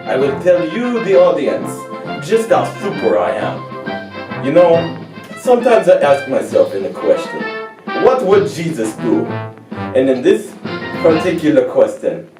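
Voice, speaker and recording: A man's voice: a little high, very animated, a little slow, reverberant, recorded from a distance, over music, pitched above the performer's own voice. A young man voicing a goofy, boastful male superhero, speaking with a put-on German accent and a lisp. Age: young adult. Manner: grandiose, jokey.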